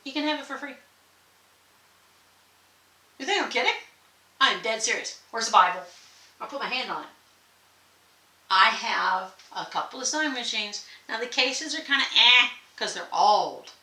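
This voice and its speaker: A woman's voice: a little high, lively intonation, moderate pace, pauses often, pushed and bright. A woman, hosting a casual sewing vlog from her sewing room, folksy and rambling with frequent laughs. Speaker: sewing channel host. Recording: echoey room, faint noise.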